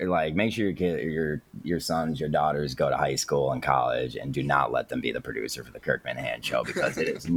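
Man with an extremely deep voice. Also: fairly bright tone. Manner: emphatic, profane opinions with lots of fillers. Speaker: podcast co-host. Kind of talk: casual chat.

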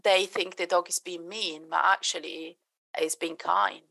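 A woman's voice: fairly low pitch, fairly even intonation, a little slow, creaky, sharp tone, no echo. A woman dog trainer answering interview questions earnestly, with frequent restarts. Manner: earnest, many restarts, acts out quoted voices. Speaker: dog trainer and behaviourist guest.

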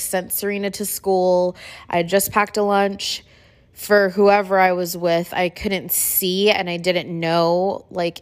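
A woman in her thirties hosting a podcast, telling a personal story in a casual, chatty way, filling her talk with "like". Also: fairly low pitch. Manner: chatty, says "like" a lot, emotional retelling. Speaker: podcast host.

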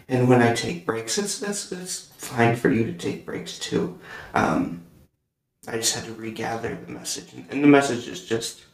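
A young man hosting his own podcast, giving an emotional, heartfelt monologue with halting pauses and restarts. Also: medium pitch, vocal fry, crowd noise. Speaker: podcast host. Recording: roomy echo.

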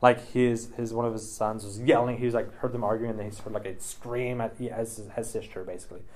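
A man's voice: mid-range voice, steady tone, a little fast, a little mellow, slight background noise. A man leading a casual Bible study discussion, talking loosely with lots of "like" and "right?" tags. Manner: chatty, many "like" and "right?" tags.

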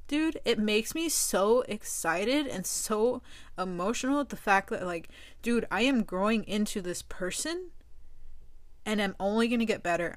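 A woman's voice: medium pitch, no echo. A young woman talking to her own camera in a candid personal monologue, casual and slangy, swearing a lot for emphasis. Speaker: vlogger.

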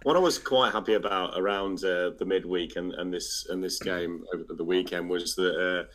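A podcast co-host with a deep voice chats casually and a little hesitantly. He speaks at a normal speed with fairly even intonation and a fairly bright tone.

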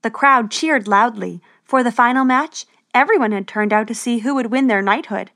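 A woman narrates a storybook adventure with a steady, expressive delivery. Her voice sits a touch high for a woman, and she keeps the story moving evenly. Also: normal speed.

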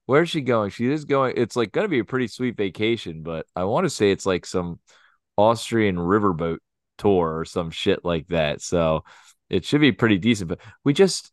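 A man's voice: on the low side, moderate pace, no echo, studio quality. A man in his thirties co-hosting a casual podcast, telling family stories with lots of laughter. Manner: animated storyteller, laughs often, swears. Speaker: podcast co-host. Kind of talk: casual chat.

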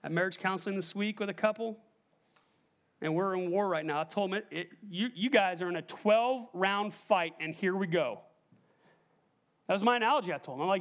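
Young male pastor with a high voice, preaching emphatically and putting questions to the congregation. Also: brisk, a bit bright. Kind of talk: sermon.

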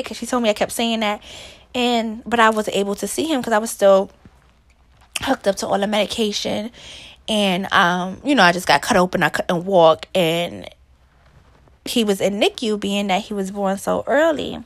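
A woman's voice: medium pitch, moderate pace. Young woman, casual voice message, birth story, rambling, candid, emotional, many fillers. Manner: emotional, voice rising when upset. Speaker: new mother telling her birth story.

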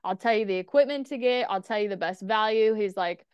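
A woman's voice: medium pitch, a little fast, clear, resonant tone, no echo. Candid swearing woman telling stories. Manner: candid, swears freely, quotes herself and others in dialogue. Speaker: podcast guest. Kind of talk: casual storytelling interview.

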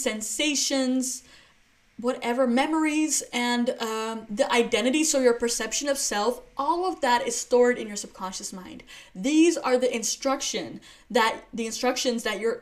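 A woman hosting a solo podcast, talking casually and explaining through playful everyday examples, with frequent restarts and fillers. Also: a little high. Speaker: podcast host.

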